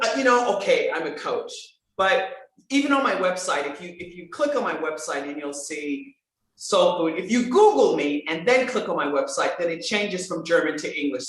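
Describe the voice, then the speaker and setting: A woman voice coach in conversation on a podcast, emphatic and animated, swinging between bright exclamations and soft earnest asides. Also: on the low side. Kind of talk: enthusiastic conversational podcast talk. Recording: very echoey room.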